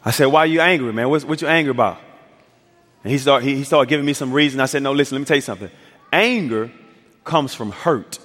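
A man's voice: mid-range voice, fast talker, fairly bright tone. A male pastor preaching a sermon, telling a story with acted-out dialogue and building to emphatic peaks. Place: church sanctuary. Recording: reverberant church hall.

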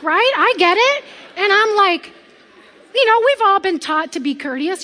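A woman's voice: very high voice, unhurried, in a large hall. A woman preaching a sermon, telling a personal story and acting out the voices of the people in it. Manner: animated, acts out quoted voices.

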